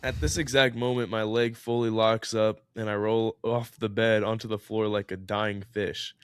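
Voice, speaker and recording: A young man co-hosting a podcast in casual chat, reading a story aloud in an animated way and laughing often. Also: fairly low pitch, normal speed, smooth, no echo. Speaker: podcast co-host.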